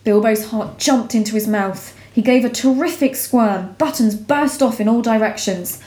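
A woman reading a storybook aloud in a measured, expressive way. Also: on the high side. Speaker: narrator. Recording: roomy echo.

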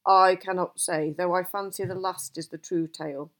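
A woman voicing an old male wizard who is gruff and easily cross, talking emphatically in a storybook reading. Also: lowish voice, fairly even intonation, moderate pace, natural voice. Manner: emphatic, exasperated outbursts.

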